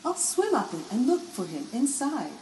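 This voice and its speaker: A woman voicing a caring female sea creature in a storybook reading, soft and earnest. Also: fairly high pitch, big pitch swings, normal speed, echoey room, long reverb tail, a little hiss or hum, pitched above the performer's own voice.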